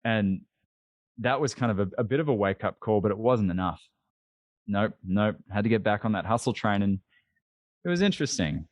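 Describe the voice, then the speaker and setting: A man in his thirties recounts his story as a podcast guest, candid and lively, often restarting a phrase. His voice sits low. The sound is dry and close, with no room around it. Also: brisk, dry recording. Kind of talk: storytelling interview.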